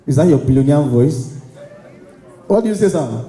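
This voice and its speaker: A man emcees a conference, stirring the crowd with call-and-response and demands for loud applause. His voice is deep and dark, with a slightly raised pitch. The hall gives his words a roomy echo. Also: lively intonation, normal speed. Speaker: event MC. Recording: echoey hall.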